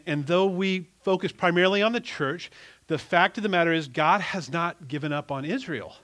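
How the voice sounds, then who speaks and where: A middle-aged male pastor preaching a sermon, emphatic and animated, often restarting his sentences. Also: a little high.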